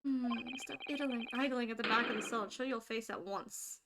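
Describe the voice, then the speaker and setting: A woman's voice: fairly high pitch, brisk, heavy background noise, lightly acted. A woman voicing an earnest young male defense lawyer, reading his lines politely. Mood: curious.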